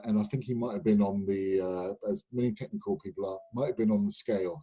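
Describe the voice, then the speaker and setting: A man in middle age, from the UK, talks a live webinar audience through his sales ideas. His voice is dark and a little husky, and he is chatty and anecdotal, full of fillers and restarts. He speaks into a webinar microphone. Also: on the low side, poor audio. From United Kingdom. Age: middle-aged or older. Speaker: sales trainer hosting a webinar.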